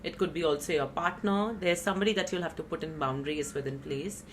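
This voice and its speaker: Chatty woman, lowish voice. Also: fast talker, slight background noise. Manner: chatty, rambling, self-teasing, frequent "you know" and "like". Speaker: tarot reader. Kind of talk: casual tarot reading monologue.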